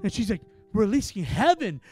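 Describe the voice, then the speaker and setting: A middle-aged man preaches with a high, ringing voice, shifting between quiet storytelling and forceful, loud declarations. A gentle guitar plays faintly under his sermon. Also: big pitch swings, normal speed, slightly rough, dry recording. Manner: swings from hushed storytelling to loud emphatic preaching.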